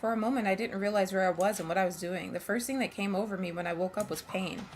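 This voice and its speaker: A woman reading the narration of a calm young girl in a visual novel, in an even, steady storytelling voice. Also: medium pitch, fast talker, slight background noise, lightly acted.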